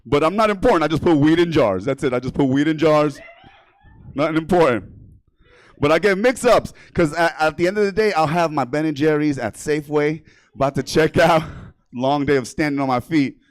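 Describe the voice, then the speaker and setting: A man from New York does stand-up on a comedy theater stage, swearing freely, full of brash energy and chuckling at his own punchlines. His pitch is fairly high, his delivery a little fast, and the recording has no room sound.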